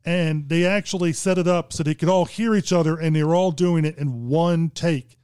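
A man's voice: on the high side, normal speed, a little mellow, clean tone, no room sound, studio quality. A man co-hosting a casual film chat, rambling and hesitant, with many restarts. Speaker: podcast co-host discussing films.

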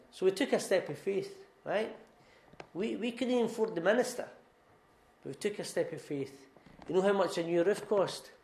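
A middle-aged Scottish pastor preaches with earnest, emphatic storytelling, hammering home repeated phrases. His voice sits fairly high for a man. The sound bounces around an echoey church hall. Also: a little mellow. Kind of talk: sermon. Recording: echoey room.

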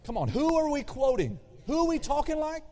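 A man preaching a sermon as a pastor, animated, swinging between loud emphasis and hushed asides. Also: extremely high pitch, fairly quick. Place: church sanctuary. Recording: long hall reverb.

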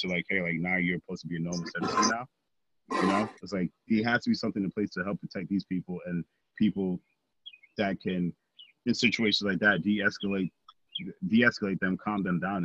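A man's voice: low voice, steady tone, brisk, pushed and bright, highs cut off, a little hiss or hum. A man co-hosting a podcast, talking earnestly in a casual discussion, with lots of fillers and restarts. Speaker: podcast co-host.

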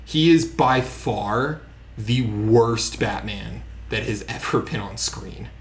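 A man's voice: fairly low pitch, a little hiss or hum. Casual podcast man, opinionated, swears freely, rattles through plot recaps. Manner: opinionated, profane, rapid recap with mock quotes. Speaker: podcast co-host. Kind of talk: casual movie review chat.

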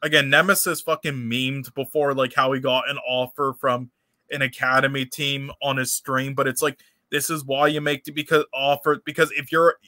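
A man's voice: mid-range voice, level tone, normal speed, pushed and bright, dry recording, studio quality. A man co-hosting an esports podcast, rambling and cursing casually with lots of fillers. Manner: rambling, profane, many fillers. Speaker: podcast co-host.

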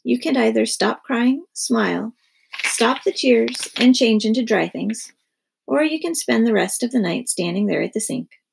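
Woman doing a stern, deadpan storybook father. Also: fairly high pitch, a little slow, gravelly, husky, heavily acted. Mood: cold. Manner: cold, deadpan. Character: stern, dry-witted father.

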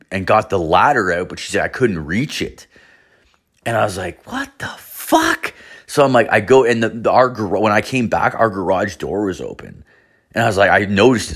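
A young man from Canada telling a wild personal story casually, swearing constantly, rambling with many fillers and acting out the lines of the people in it. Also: fairly low pitch.

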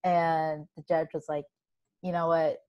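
A young woman with a fairly low voice chats casually as co-host, telling her story in long run-on bursts full of "like" and restarts. The sound is dry and close, with no room around it. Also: measured pace, no room sound, lo-fi sound. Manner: animated, run-on storytelling with many fillers.

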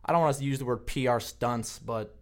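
A man's voice: mid-range voice, brisk. A young man co-hosting a campus podcast, telling stories casually with frequent restarts. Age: young adult. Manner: rambling storyteller with many restarts. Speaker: podcast co-host. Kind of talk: casual conversation.

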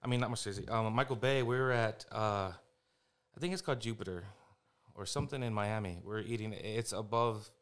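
A fast-talking man from Texas, a film director chatting casually and telling lively stories. His voice sits a bit low, and he acts out what other people said with quick energy. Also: clear, resonant tone. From San Antonio, Texas. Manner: animated storyteller, acts out quotes. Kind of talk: casual podcast chat.

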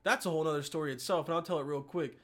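A man's voice: fairly high pitch, racing. Rambling, swearing American guy. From United States. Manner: rambling, profane, chuckles often. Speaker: podcast host. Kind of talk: casual monologue.

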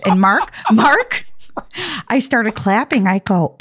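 A woman's voice: a little high, takes it slowly. A woman hosting a talk show, telling an indignant story in a casual chat, acting out the dialogue. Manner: animated, indignant storytelling with laughs and acted-out dialogue.

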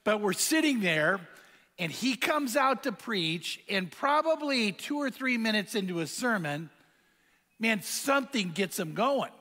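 A man's voice: sits high, very animated, a little slow, pushed and bright, long reverb tail. A man preaching a sermon, telling stories and asking the crowd rhetorical questions. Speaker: pastor.

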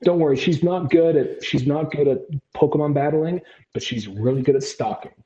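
A man's voice: a little high, moderate pace, warm tone, lightly acted. Give me a weary, hesitant professor, as a man puts him on, in a roomy, lo-fi recording. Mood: confiding. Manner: hesitant, confiding, sweary. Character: nervous middle-aged male professor, weary and confiding. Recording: roomy, dull lo-fi sound.

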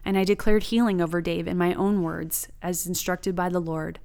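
A woman's voice: on the low side, steady tone, normal speed, vocal fry, darkish tone. A woman sharing a personal faith testimony and practical teaching in an earnest, emphatic way. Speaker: Christian speaker.

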